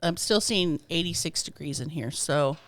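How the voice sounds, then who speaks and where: A woman co-hosting a podcast in casual comedic chat, delivering dry, deadpan jokes. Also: sits low, normal speed, dry recording. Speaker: podcast co-host.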